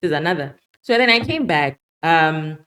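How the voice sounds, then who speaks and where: South African woman doctor with a lowish voice, interview guest, tells her testimony lively and acts out the quoted voices. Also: normal speed. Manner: animated storyteller acting out quoted dialogue. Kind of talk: personal faith testimony told as a story.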